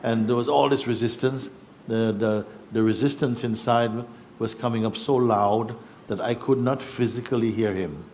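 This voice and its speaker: A middle-aged man, a spiritual teacher, relaxed and chuckling as he tells his story to a gathering and acts out the voices in it. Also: medium pitch, normal speed, a little hiss or hum. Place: yoga festival gathering.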